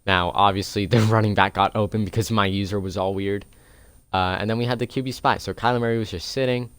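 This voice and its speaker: Young male gaming creator, lowish clean voice, casual step-by-step tutorial talk, dry close mic. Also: fairly even intonation, fast talker, fairly bright tone, clean tone, no echo. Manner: explains plays step by step, chatty with fillers.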